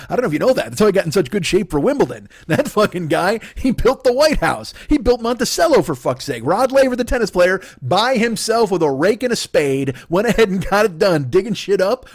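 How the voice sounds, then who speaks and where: This comedy podcast host is a man in his forties with a fairly high voice, recorded cleanly in a studio with no room sound. He rants through a comedic monologue that is profane and meandering, full of stammered restarts.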